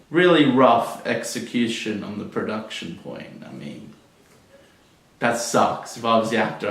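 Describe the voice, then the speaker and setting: A man hosting a casual episode review who swears freely and speaks bluntly and jokily. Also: fairly low pitch. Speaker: podcast host reviewing an episode. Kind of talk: casual commentary. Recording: roomy echo.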